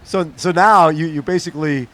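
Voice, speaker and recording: A male interview host who talks with enthusiasm, setting up each question by recapping what happened. His voice sits slightly high for a man. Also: moderate pace, a bit bright. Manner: enthusiastic, recaps events for guest. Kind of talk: casual interview.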